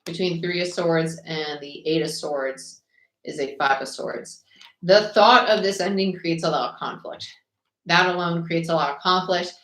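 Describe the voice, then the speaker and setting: A woman giving a live tarot reading in a chatty, quick way, listing the cards aloud as she goes. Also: low voice, fairly bright tone. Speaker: tarot reader. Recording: echoey room with faint noise.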